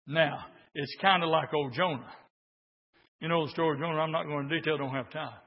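A man preaching a sermon, building into shouted, hoarse bursts. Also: a little high, steady tone, a little fast. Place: church with congregation. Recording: lo-fi recording in an echoey church.

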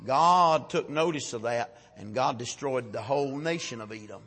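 A man preaching a folksy sermon, swinging from loud shouted peaks down to low, quiet asides. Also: normal speed, hardly any pauses, husky.

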